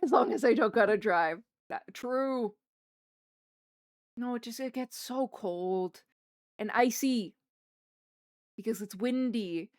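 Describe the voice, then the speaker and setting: A woman's voice: a little high, slow pace, pauses often, no room sound, clean studio sound. Chatty young Canadian woman streamer. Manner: chatty, rambling, self-correcting with frequent laughs. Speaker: livestreamer. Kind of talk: casual chat with viewers. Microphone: streaming microphone.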